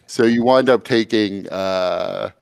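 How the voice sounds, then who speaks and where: A man narrating a tabletop game as game master, in a measured, descriptive way. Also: fairly low pitch, creaky, smooth, no echo.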